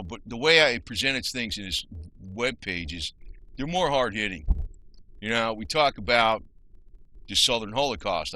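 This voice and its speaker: Animated man with a New Jersey accent. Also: on the low side, low-quality recording. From New Jersey, USA. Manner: heated, rambling, swears mildly, frequent restarts. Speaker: channel host. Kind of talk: casual video rant.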